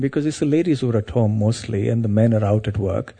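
A man's voice: fairly low pitch, fast talker, gravelly, hardly any pauses, mellow, slightly rough. A man giving a devotional talk, telling a story in a meandering, anecdotal way with frequent asides.

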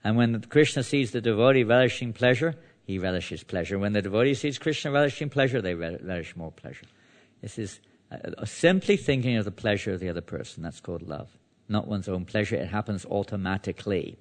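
A man's voice: fairly low pitch, a little fast. A man giving a devotional sermon, reading verses and then explaining them in a loose, conversational way full of restarts. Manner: conversational, with frequent restarts and "you know". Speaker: preacher.

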